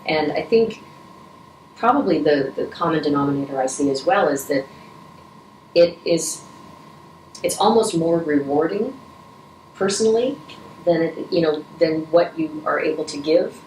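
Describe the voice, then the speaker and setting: Heard from a distance in an echoey room with faint background noise, this middle-aged Rotary vice president answers interview questions. Her voice sits low with a darkish tone, and she's animated yet measured, leaving long pauses. She's earnest and emotional, restarting often and sometimes choking up.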